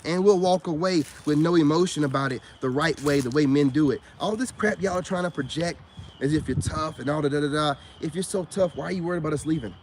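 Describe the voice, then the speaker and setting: A man vlogger rants in a combative, repetitive monologue, his voice sitting somewhat high for a man. There is a faint hiss of background noise under his voice. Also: fast talker, a little mellow. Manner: combative, repetitive, punctuated by "you know what I'm saying". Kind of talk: ranting vlog monologue.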